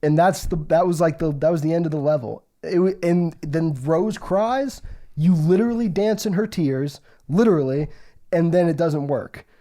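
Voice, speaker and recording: A young man in casual podcast chat, his voice a little higher than most men's but soft and mellow. He rambles, stacks fillers and swears freely as he tells a long story. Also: normal speed. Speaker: podcast co-host.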